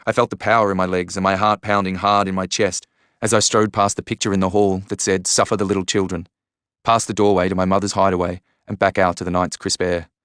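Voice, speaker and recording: A man narrating a first-person audiobook in a measured, even storytelling manner. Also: deep voice, smooth, dry recording, clean studio sound.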